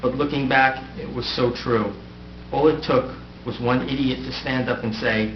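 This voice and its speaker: A man's voice: mid-range voice, fairly even intonation, moderate pace. A middle-aged man, an outgoing mayor, giving a prepared farewell speech from a council dais with wry, self-deprecating humor. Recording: echoey, dull, noisy room recording.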